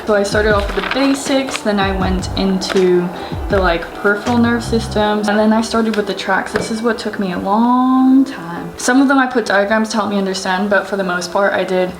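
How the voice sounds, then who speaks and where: A woman's voice: medium pitch, moderate pace, noisy background. A young woman, a physiotherapy student, chatting casually to camera in a vlog, full of fillers. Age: young adult. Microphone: camera and phone cam. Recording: music bed under the voice.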